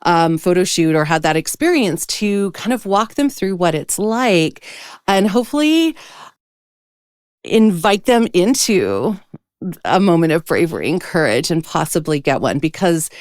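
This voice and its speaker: A woman hosting a podcast, chatting casually with her guests in an effusive, excitable way. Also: lowish voice, measured pace, dry recording, studio quality. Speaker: podcast host. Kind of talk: casual interview chat.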